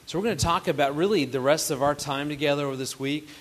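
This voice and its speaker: A man in his forties teaches a group about marriage. His voice sits a little high for a man. He talks earnestly and grows animated as he makes his points. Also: quick pace. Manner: earnest, builds to animated storytelling.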